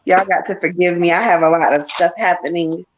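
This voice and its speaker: A woman's voice: lowish voice, steady tone, fairly quick, background noise. A woman co-hosting a live psychic stream. She chats frankly and emotionally and swears casually. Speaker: co-host medium.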